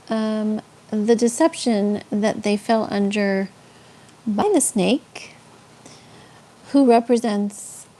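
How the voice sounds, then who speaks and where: Slow-talking Tex-Mex woman streamer. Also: mid-range voice, mellow. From San Antonio, Texas. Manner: chatty, answers chat comments, frequent ums and restarts. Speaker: live-stream host. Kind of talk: casual faith talk to live viewers.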